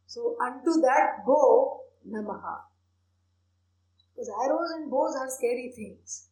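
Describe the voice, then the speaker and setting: A woman, a spiritual teacher, explaining a Sanskrit prayer with animated storytelling and soft laughs. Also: high-pitched, slow, roomy sound, low-quality recording.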